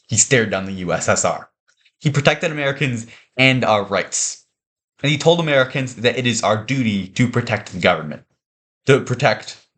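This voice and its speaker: A man's voice: lowish voice, a bit bright. A man reading a scripted narration in an earnest, preachy manner.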